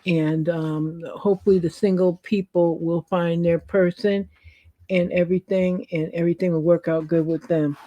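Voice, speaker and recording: High-voiced chatty male show reviewer. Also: flat delivery, moderate pace, mellow. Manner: chatty, rambling with many fillers. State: feeling unwell. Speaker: reality show reviewer and host. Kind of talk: casual solo podcast chat. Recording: dull lo-fi sound.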